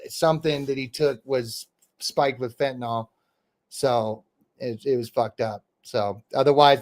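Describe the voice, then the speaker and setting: Gravelly, slightly high rambling man. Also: darkish tone. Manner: rambling, profane, peppered with "bro" and "dude". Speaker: podcast host and rapper. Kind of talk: casual storytelling chat.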